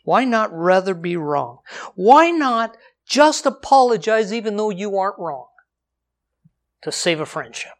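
Guy preaching, goes slow on the verses then shoots way up loud, drops to near quiet too. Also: very animated. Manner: dynamic delivery, slows for scripture, jumps high for emphasis, drops to quiet. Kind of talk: sermon.

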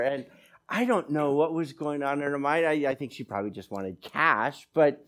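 A man's voice: fairly high pitch, animated, normal speed. A middle-aged man preaching a sermon, breaking off into personal stories with self-deprecating humor. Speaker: pastor.

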